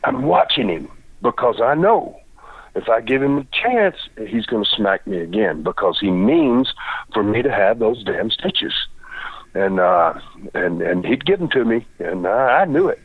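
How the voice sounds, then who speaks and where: A man's voice: fairly low pitch, very animated, a little slow, slightly rough, no echo. An older man, a retired wrestler telling a long story in a rambling, folksy way with lots of repeated words. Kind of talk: casual storytelling. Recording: dry phone-like line.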